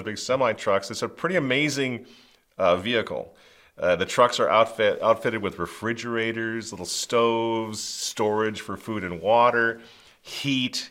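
A man's voice: lowish voice, fairly bright tone. A man hosting a political commentary, speaking emphatically in a preachy way and repeating phrases for stress. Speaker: commentary host.

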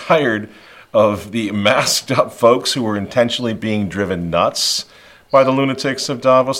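A man hosting opinionated online commentary, animated and mocking, acting out the people he quotes. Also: fairly low pitch. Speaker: commentary host.

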